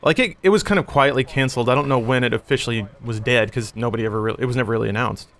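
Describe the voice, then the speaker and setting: An American man hosting a casual podcast, fast and jokey, sometimes reading ad copy. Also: medium pitch, a bit bright. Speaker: podcast host.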